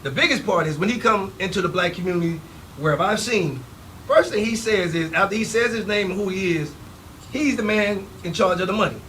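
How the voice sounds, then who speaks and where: A man guest in casual chat, joking and laughing often in lively banter. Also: sits high, a little fast, slight background noise, low-quality recording.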